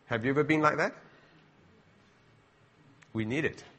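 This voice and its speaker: A man's voice: medium pitch, measured pace, a bit bright. A middle-aged man preaching a sermon in a conversational way, full of asides and rhetorical questions.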